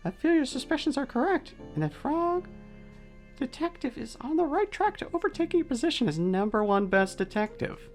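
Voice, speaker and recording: A sneaky little mole with a sugary, fawning tone, as a man puts her on in a squeaky falsetto. The voice sits far above his own, high and thin. It reads a scheming letter in a cartoonish way. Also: very animated, fairly quick, soft background music, heavily acted.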